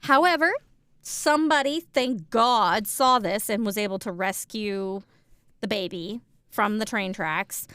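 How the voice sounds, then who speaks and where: A woman's voice: medium pitch, unhurried, fairly bright tone, smooth, dry recording, studio quality. A woman co-hosting a casual true crime podcast, telling the story with lots of ums and likes.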